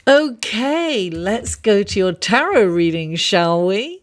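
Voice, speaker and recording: A woman astrologer, raspy because she's feeling under the weather, gives a weekly horoscope and tarot reading. Her medium-pitched voice has a sing-song lilt, and she takes her time, reflective and full of fillers.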